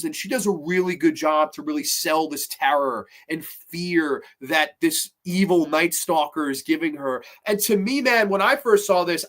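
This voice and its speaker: A man's voice: a little high, a bit bright. A man giving a casual, rambling, enthusiastic horror film review with some swearing.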